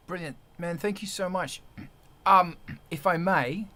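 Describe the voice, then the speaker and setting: A man hosting a live stream as a musician, talking in a rambling, excitable, teasing way. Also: sits high, unhurried. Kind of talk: casual live-stream chat.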